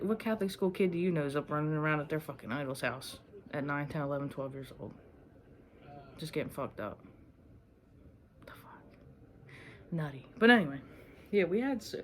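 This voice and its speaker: A young woman talks straight to camera in a loose, rambling storytelling vlog. She swears freely and jumps between memories with a lot of fillers, in an unhurried, chatty flow. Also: low-pitched, slight background noise. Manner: rambling, profane, animated storytelling. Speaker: vlogger.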